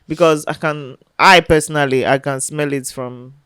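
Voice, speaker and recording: Teasing, animated young Nigerian woman. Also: sits low, normal speed, crowd noise. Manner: animated and teasing, laughs often, swears freely. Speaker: podcast co-host. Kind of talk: casual chat.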